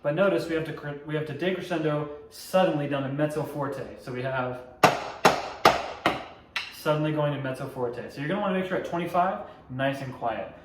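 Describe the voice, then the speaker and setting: A man's voice: a little high, fairly quick. Young man teaching drum parts in an echoey room. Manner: relaxed, explains step by step, scats drum rhythms. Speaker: drumline instructor. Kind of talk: casual instructional tutorial. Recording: echoey room, mic at a distance, loud noise.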